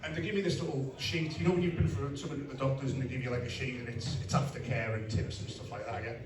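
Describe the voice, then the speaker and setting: A man's voice: mid-range voice, fairly even intonation, quick pace. A middle-aged man doing a stand-up comedy set, blunt and self-mocking, with asides to the crowd. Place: comedy club stage with live audience. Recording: roomy club sound from a distance, crowd laughter.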